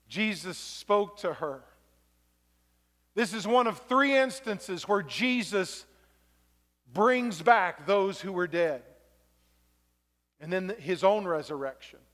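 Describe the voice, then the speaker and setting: A man preaching a sermon as pastor, moving from quiet reflection to shouted exhortation, in a church sanctuary. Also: sits high. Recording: long reverb of a large hall.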